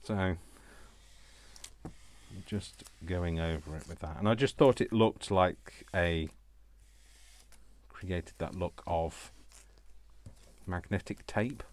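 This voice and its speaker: Man, middle-aged, deep low voice, casual craft tutorial, rambling, self-mocking chuckles. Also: takes it slowly, long pauses.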